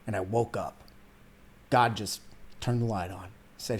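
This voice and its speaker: There's slight background noise as a man with a fairly low, fairly even voice speaks a little slowly. In his thirties and from Iran, he's a weight loss coach guesting on a podcast, sharing his life casually and heartfeltly, calling the host "man" and "dude," sometimes nearly in tears.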